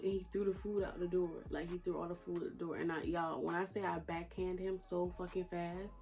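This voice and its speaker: A woman's voice: on the low side, level tone, a little fast, vocal fry, few pauses, a little mellow. A woman telling a personal story to her viewers in casual vlog chat, blunt and swearing freely, repeating lines for emphasis.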